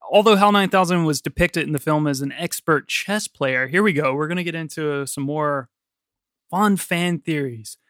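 Man host, casual film chat, higher voice, dry close sound, laughs a lot. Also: moderate pace, fairly bright tone, no echo. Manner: chatty, laughs often, swears casually. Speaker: podcast host.

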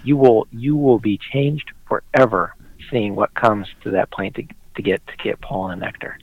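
A man's voice: lowish voice, moderate pace, dry recording, narrow, tinny audio. A middle-aged man talking casually and eagerly as a podcast guest about his gardening, often restarting his words. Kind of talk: casual conversation.

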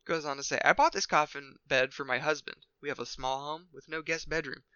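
A man's voice: a little high, fairly even intonation, a little fast, bright, forceful tone, smooth, no room sound, lo-fi sound. A man co-hosting a casual comedy podcast, joking around and reading out product reviews. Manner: joking, reads reviews aloud with silly voices. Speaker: podcast co-host.

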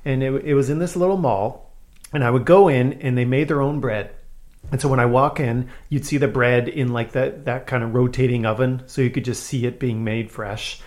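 A man from Saskatchewan, Canada, telling a childhood story on a podcast, self-mocking and animated. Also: medium pitch, moderate pace. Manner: animated, self-mocking, acts out scenes in loud voices. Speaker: podcast host. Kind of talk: casual storytelling.

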